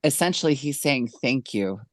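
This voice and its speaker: Emotional, animated man on a podcast. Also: medium pitch, moderate pace, no room sound. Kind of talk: casual podcast chat.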